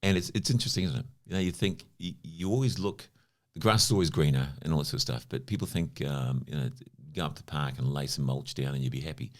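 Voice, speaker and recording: A man in his fifties from New Zealand talks as a podcast guest, and his voice sits extremely low. He tells stories casually and freely, scattering "you know" through his sentences. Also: fast, hardly any pauses. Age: 50s. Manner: chatty anecdotal, lots of "you know" fillers. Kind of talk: casual conversational storytelling.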